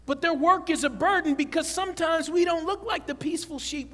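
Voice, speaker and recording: A man's voice: extremely high pitch, very animated, quick pace, hardly any pauses, bright, forceful tone. A man preaching a sermon, conversational and joking, often asking the congregation questions. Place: church sanctuary. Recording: long church-hall reverb.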